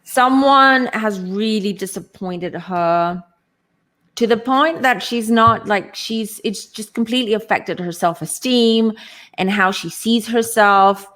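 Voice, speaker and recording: A woman's voice: mid-range voice, slow pace, fairly bright tone. Musing woman giving a tarot reading. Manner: searching for words, intuitive, musing. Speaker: tarot reader guest. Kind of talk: casual tarot reading chat.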